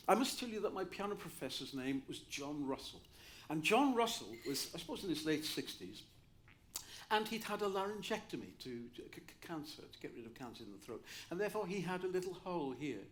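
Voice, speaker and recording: An older Welsh man telling comic anecdotes on stage in an animated, theatrical manner. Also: a little high, slight background noise. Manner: animated, theatrical, lively delivery. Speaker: cabaret raconteur.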